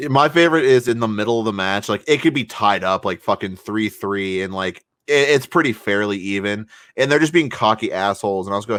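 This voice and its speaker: A man chatting on a podcast, his voice on the low side and recorded dry and close. He rambles through a story with plenty of fillers and casual swearing. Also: brisk, few pauses, fairly bright tone, dry recording. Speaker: podcast co-host. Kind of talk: casual chat.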